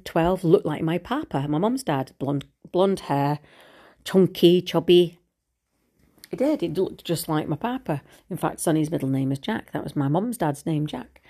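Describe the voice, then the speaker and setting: In a candid monologue, a middle-aged vlogger talks openly and at length about personal matters, rambling and casually cursing. She has a low voice with a dark tone.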